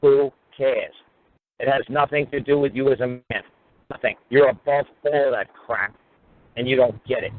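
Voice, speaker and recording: A man hosting a call-in talk show, blunt and sarcastic, breaking into profane rants. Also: medium pitch. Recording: tinny phone-line sound with faint noise.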